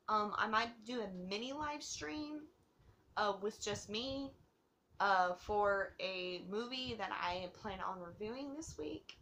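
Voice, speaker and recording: A woman's voice: mid-range voice, a bit bright, slight background noise. Giggly, gushing woman reviewing films. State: tipsy from drinking. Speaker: host of a movie review channel. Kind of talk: casual movie review vlog.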